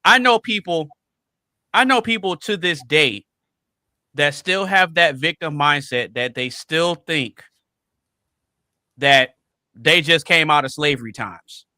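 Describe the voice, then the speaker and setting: A man's voice: fairly high pitch, takes it slowly, pauses often, pushed and bright, no echo. A man on a podcast panel talking casually and emphatically, repeating phrases to drive a point home.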